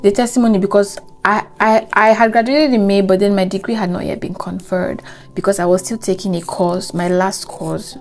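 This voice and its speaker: A woman's voice: medium pitch, fairly even intonation, normal speed, darkish tone, slight background noise. A young woman with a Nigerian accent giving a rambling, earnest life update, full of "you know" fillers. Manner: earnest and reflective, speaking of faith. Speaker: vlogger. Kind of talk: casual life update monologue.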